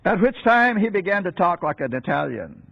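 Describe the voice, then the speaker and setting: A male preacher telling a story in a sermon, animated and laughing often, on a dull lo-fi recording. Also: high voice, fairly quick, vocal fry.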